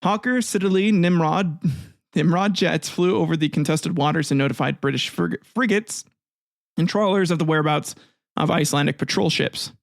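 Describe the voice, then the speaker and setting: A man's voice: a little high, normal speed, creaky, dry recording, clean studio sound. A man hosting a comedic history podcast, telling events in a profane, irreverent way and often laughing. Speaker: podcast host.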